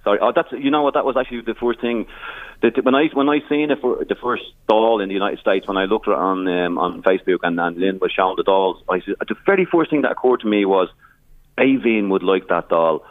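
A man's voice: lowish voice, quick pace, no echo. An Irish man, a charity founder, telling stories in a radio interview with many restarts and some emotion. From Ireland. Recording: tinny phone line.

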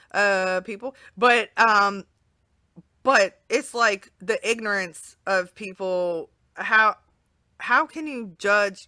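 A woman, a guest in an interview, telling an emotional personal story in an earnest, animated way, repeating phrases for emphasis. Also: mid-range voice, no room sound.

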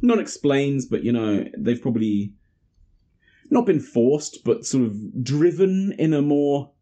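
A podcast host with a mid-range voice and measured pace recaps a film in casual, lively chat. He laughs often and acts out quotes and lines from the characters.

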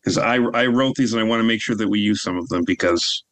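A man's voice: fairly low pitch, fast, fairly bright tone. A man who writes the show, chatting casually on a podcast in a rambling way. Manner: rambling, many restarts.

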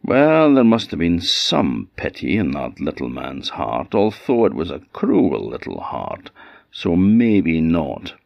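Slow, deep-voiced Orkney storyteller. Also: male voice, sing-song, creaky, no room sound, muffled recording. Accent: Orkney Scots. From Orkney, Scotland. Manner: unhurried, conversational telling. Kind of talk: oral folk storytelling.

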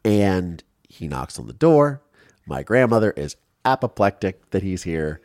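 A man in his forties from Ohio, telling his life story in an interview in an animated way, acting out quotes and restarting often. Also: sits low, measured pace, dry recording, clean studio sound. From Ohio, USA.

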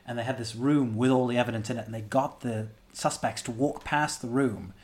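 A man's voice: medium pitch, steady tone, a little fast, darkish tone. A man on a podcast telling a story in casual chat, rambling and swearing freely as he goes. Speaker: podcast co-host.

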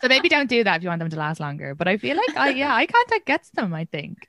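Bright-voiced Irish woman chatting. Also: on the high side, sing-song, quick pace, a little hiss or hum. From Ireland. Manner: candid, giggly, chatty. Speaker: podcast host. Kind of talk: casual chat.

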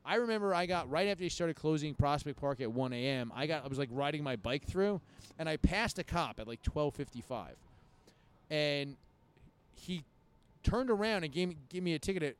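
A man's voice: fairly high pitch, normal speed, clear, resonant tone. A man in his thirties telling a drunken story in casual chat, swearing freely and acting out both sides of the talk. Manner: profane, animated storyteller acting out his own quotes.

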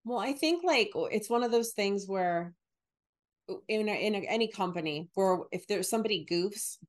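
A woman's voice: mid-range voice, moderate pace. Rambling, chatty woman podcaster. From New Jersey and New York. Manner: rambling, animated, laughs often. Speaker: podcast co-host. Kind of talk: casual chat.

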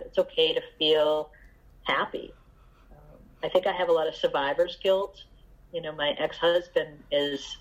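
A middle-aged woman giving a candid, halting personal share at a recovery meeting, with many fillers and restarts. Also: low-pitched, lo-fi sound.

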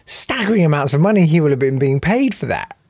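A man's voice: fairly high pitch, sing-song, quick pace, a little mellow, dry recording, clean studio sound. A man chatting casually about his voiceover work, self-deprecating, with frequent stammered restarts. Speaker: voice actor and podcast guest. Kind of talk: casual chat.

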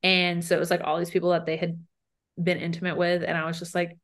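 A woman's voice: fairly low pitch, monotone, quick pace. A young woman co-hosting a podcast, telling personal stories candidly and emphatically. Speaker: podcast co-host. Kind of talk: casual chat.

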